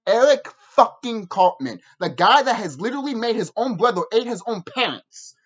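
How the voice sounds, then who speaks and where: Over dull-sounding audio, a man with a high voice gives a casual video review at a moderate pace. He rambles, swears a lot, and laughs frequently in an animated manner.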